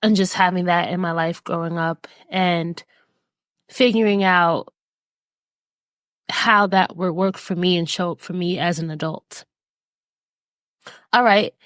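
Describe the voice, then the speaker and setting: A woman's voice: on the low side, fairly even intonation, unhurried, pauses often, a bit bright, dry recording. A woman hosting a podcast, talking earnestly and encouragingly about life lessons, with casual fillers. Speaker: podcast host. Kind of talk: reflective personal talk.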